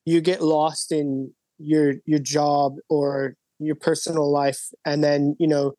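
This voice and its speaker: A man's voice: a little high, flat delivery, slow, warm tone, no echo. A man, a guest musician, chatting casually on a podcast, rambling and full of "like" and "you know". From Canada.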